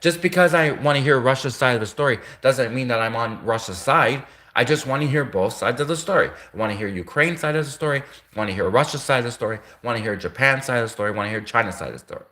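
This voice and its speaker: A man's voice: mid-range voice, animated, fast talker, hardly any pauses, sharp tone. A man talking straight through a rambling casual monologue, often restarting and repeating his sentences.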